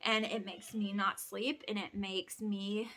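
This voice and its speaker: A woman's voice: medium pitch, flat delivery, unhurried, a bit bright. A tired woman, chatting and rambling with lots of restarts while folding laundry at home. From Alabama. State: tired from lack of sleep. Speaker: vlogger and homeschooling mother. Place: home, indoors.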